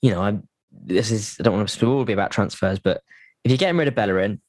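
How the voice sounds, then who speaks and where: Chatty man, low and dry. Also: fast talker, dry recording. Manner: rambling, many restarts and fillers. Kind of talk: casual football chat.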